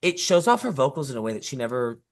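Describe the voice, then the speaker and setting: Here a woman speaks fast with an extremely low pitch and a very animated delivery. She co-hosts a pop music podcast, keeping the conversation casual, eager, and full of fillers.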